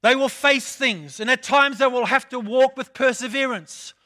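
An older man from England delivering a sermon in a strikingly high voice with a bright, ringing tone. He builds his points by repeating key phrases and drifts easily into personal stories. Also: moderate pace. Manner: storytelling, repeats phrases for emphasis. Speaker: preacher.

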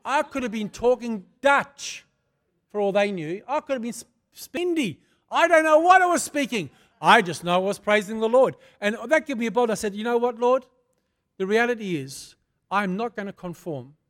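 Fervent older preacher, high voice. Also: male voice, expressive, normal speed. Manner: fervent, conversational storyteller, gets loud in bursts. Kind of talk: sermon with prayer and personal testimony. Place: church.

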